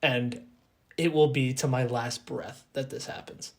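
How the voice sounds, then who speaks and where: A man voicing an earnest male halfling adventurer who speaks in measured oaths. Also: medium pitch, steady tone, creaky. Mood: solemn.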